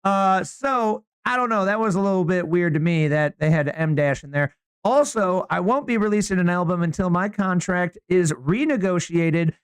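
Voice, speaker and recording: A man co-hosting a podcast, chatting casually in slangy, animated storytelling. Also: high voice, normal speed, hardly any pauses, smooth, dry recording. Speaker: podcast co-host.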